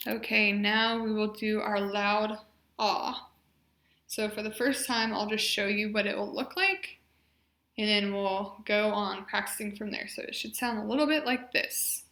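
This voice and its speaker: A woman talks very slowly and deliberately as she leads a voice exercise class, cheering the group on between drills. Her voice is bright and crisp, pitched a little high for a woman. The room around her is echoey. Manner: encouraging, slow and clearly paced instructions. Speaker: speech therapy exercise leader.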